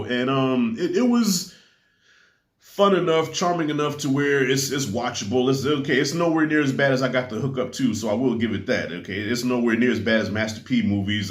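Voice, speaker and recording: A middle-aged man giving a casual spoken movie review, talking in an animated way and acting out the people he quotes. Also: medium pitch. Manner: animated, acts out quoted voices. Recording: roomy echo.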